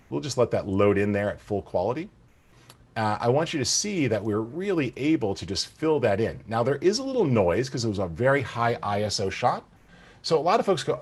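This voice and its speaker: A middle-aged man giving an enthusiastic live software demonstration, talking straight to the viewers and checking in with them often. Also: mid-range voice, breathy edge. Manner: enthusiastic, addresses viewers directly with "guys" and "right?". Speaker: software presenter.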